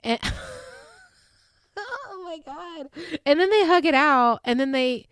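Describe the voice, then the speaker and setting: A woman's voice: high voice, slow, no echo, clean studio sound. Chatty woman recapping a reality show. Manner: chatty, animated storytelling with lots of fillers. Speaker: podcast host. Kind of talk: casual recap chat.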